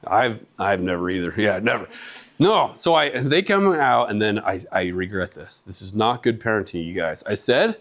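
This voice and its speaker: A middle-aged man giving a humorous lecture, telling family stories with lively acted-out quotes to an audience in a lecture hall. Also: fairly low pitch, normal speed. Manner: animated storyteller, acts out family quotes.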